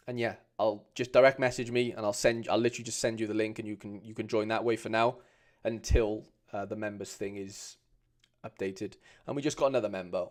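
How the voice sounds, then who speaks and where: Chatty man on a live stream. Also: on the low side. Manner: chatty, informal, reads viewer comments aloud, frequent restarts. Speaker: streamer reviewing fan card collections. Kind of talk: casual live stream chat.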